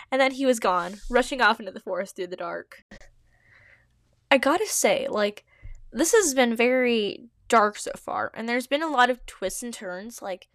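A woman's voice: on the high side, animated, moderate pace, fairly bright tone, dry recording, studio quality. Giggly woman reading her old fanfiction. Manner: giggly, self-mocking asides. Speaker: podcast host.

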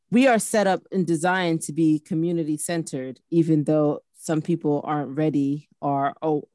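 Low-voiced woman chatting on a podcast. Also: no echo, clean studio sound. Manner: chatty, full of fillers, animated when joking. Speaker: podcast co-host. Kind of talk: casual podcast chat.

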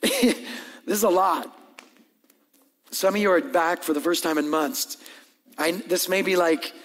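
A man preaching as pastor, animated, acting out dialogue and joking with the congregation. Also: a little high, long reverb tail. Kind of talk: sermon. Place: church hall with long reverb.

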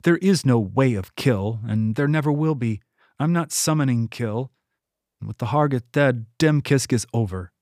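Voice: mid-range voice, unhurried, a little mellow, dry recording, clean studio sound, natural voice. A man voicing a young woman heroine who speaks bluntly and firmly. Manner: firm, demanding.

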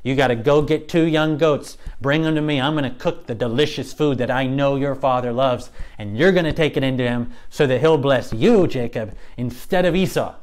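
A man's voice: mid-range voice, natural voice. A man voicing a bossy mother hurrying her son along with insistent orders, in a Bible story retelling. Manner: hurried, insistent.

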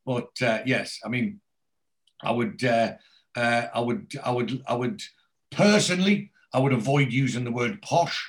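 Guy recapping a show, casual, mid pitch, lots of um and restarts. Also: a little slow. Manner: storytelling, reads out quotes, many restarts. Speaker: podcast host.

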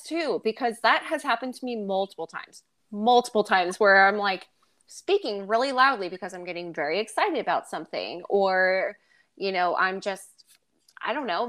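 A woman's voice: mid-range voice, expressive, moderate pace, a bit bright. A young woman who is a guest on a podcast, chatting casually, agreeing and sharing her own experiences. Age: young adult. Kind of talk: casual chat.

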